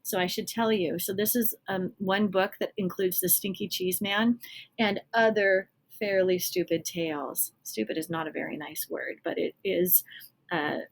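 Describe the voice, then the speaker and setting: A woman teacher reading a story aloud to children, calmly stopping to explain things. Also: on the low side, normal speed. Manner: calm, stops to explain to children.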